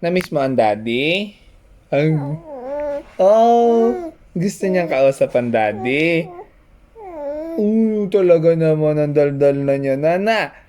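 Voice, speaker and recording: A young woman, talking baby talk to her infant in a high sing-song coo and laughing often. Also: expressive, measured pace, dark tone. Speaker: parent of the baby.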